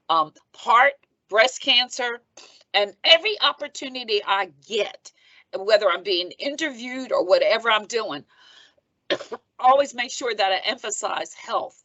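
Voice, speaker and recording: A woman's voice: mid-range voice, sharp tone, no echo, dull audio. A woman in her seventies from Philadelphia, a reverend speaking as a podcast guest, emphatic and preacherly, often checking in with "okay?". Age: 70s. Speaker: guest, reverend and foundation president. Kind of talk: conversational podcast interview.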